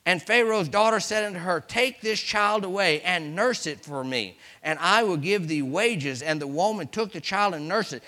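A man preaching a sermon, retelling scripture as an animated storyteller with exclamations. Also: high-pitched, moderate pace, hardly any pauses, big-room sound.

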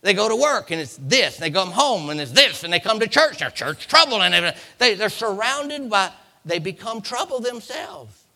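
A man preaching a sermon in a dramatic style, repeating phrases and swinging from loud to hushed. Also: sits high, big pitch swings, normal speed, vocal fry.

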